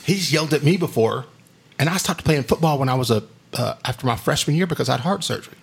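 A man, a former teacher, telling high school stories in a casual chat, animated and laughing often. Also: fast talker, gravelly, breathy edge.

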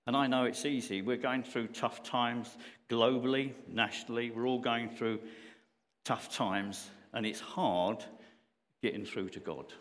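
A man's voice: lowish voice, in a large hall. A man preaching a sermon in a church, earnest and conversational, leaning on his questions to stress them.

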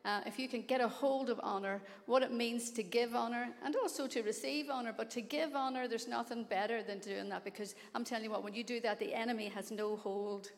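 A woman's voice: fairly high pitch, fairly quick, few pauses. Northern Irish woman preaching in a hall. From Northern Ireland. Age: older. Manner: effusive, laughing, rising to excited exclaims. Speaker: guest preacher. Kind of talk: warm church address. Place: large church sanctuary. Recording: long hall reverb.

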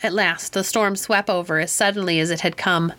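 A woman reading a classic storybook aloud in a measured, expressive narration. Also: lowish voice, slight background noise. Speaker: reader.

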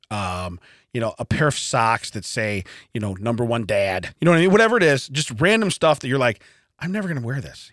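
A man's voice: medium pitch, fairly bright tone, no echo, studio quality. A man co-hosting a podcast, telling a story in casual chat, acting out quotes and laughing often. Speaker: podcast co-host. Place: podcast studio.

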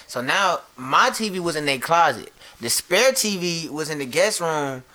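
A young adult man co-hosting a casual chat, telling stories in an animated way, swearing often and repeating his words. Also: fairly high pitch, normal speed. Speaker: podcast co-host.

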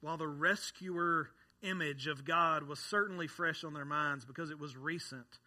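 Man in his thirties, pastor, sermon delivery, bright, slightly high voice, conversational and wry. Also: normal speed. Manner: conversational, joking asides to the congregation.

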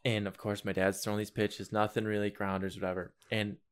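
A young man co-hosting a podcast, telling a story in a casual, animated way. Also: lowish voice, a little fast, clean tone. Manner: animated storyteller, loud shouted impressions. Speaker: podcast co-host.

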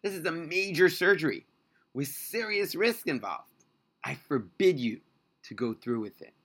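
A man's voice: a little high, moderate pace, sharp tone. A man voicing a firm, protective young wife who forbids her husband a risky step, in a storybook reading.

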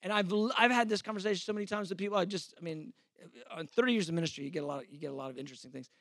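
A man's voice: sits high, racing, fairly bright tone, dry recording, studio quality. A man in his fifties, a pastor, teaching a sermon in a conversational, self-deprecating way, acting out the exchanges he quotes.

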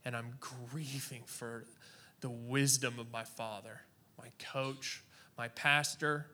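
A man from Oklahoma giving a personal faith testimony in an earnest, halting way, with long dramatic pauses. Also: medium pitch, steady tone, pushed and bright.

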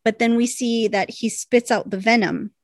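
A woman co-hosting a podcast, casually retelling a TV episode with lively asides. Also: on the high side, normal speed, no room sound. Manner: animated retelling, quoting characters in voices. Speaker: podcast co-host recapping a TV episode. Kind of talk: casual chat. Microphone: desk microphone.

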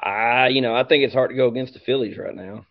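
Gravelly, halting football coach. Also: male voice, mid-range voice, no room sound, dull audio. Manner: halting, leans on "you know" and repeats himself. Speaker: high school football coach. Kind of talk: casual interview answers.

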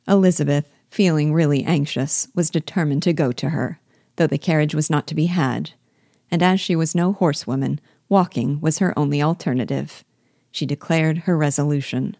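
A woman reads a classic novel aloud in a measured, clear storytelling manner. Her voice sits low and mellow. The recording is dry and close, with no room sound. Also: no echo. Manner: measured, clear storytelling delivery with light character shading. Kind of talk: audiobook-style literary reading.

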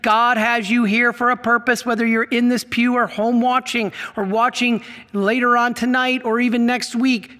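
High, bright-voiced preacher in a reverberant church. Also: male voice, flat delivery, moderate pace. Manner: emphatic, questions the congregation. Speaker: priest. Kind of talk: sermon.

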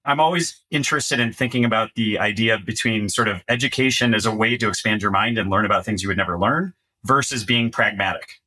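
A man's voice: lowish voice, a little fast. A man with a Midwestern accent hosting an interview, telling stories animatedly and asking questions. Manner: animated storyteller who quotes other people. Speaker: podcast host. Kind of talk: casual interview talk.

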